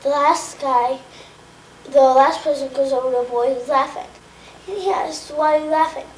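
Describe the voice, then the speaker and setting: High-voiced woman telling jokes, roomy and distant. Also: normal speed, slight background noise. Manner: deadpan joke telling with acted dialogue. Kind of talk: casual joke telling. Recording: roomy, distant home video recording.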